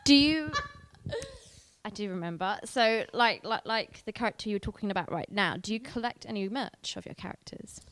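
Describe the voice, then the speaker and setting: A woman interviewing a guest at a fan convention. She asks her questions haltingly, with hesitant fillers. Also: mid-range voice, animated, fairly bright tone, no echo.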